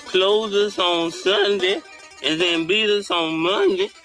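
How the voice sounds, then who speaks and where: A bewildered enslaved man in a comedy film. He rambles in a slow, high voice with a clearly heard music bed behind him. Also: fairly even intonation, pushed and bright, full character voice. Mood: puzzled. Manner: rambling, slow-witted comic delivery.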